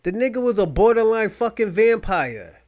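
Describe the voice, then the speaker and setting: Man, high voice, profane rambling rant, mocking tone, podcast host. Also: sing-song, moderate pace. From United States. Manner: loud, rambling, mocking rants. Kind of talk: profane casual commentary.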